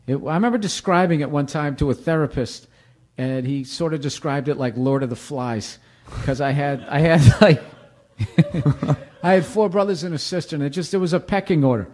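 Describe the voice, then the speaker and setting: Speaking at a normal pace, a fortyish male comedian with a higher, somewhat dark voice tells meandering, foul-mouthed anecdotes at his own expense, all in a relaxed conversational way.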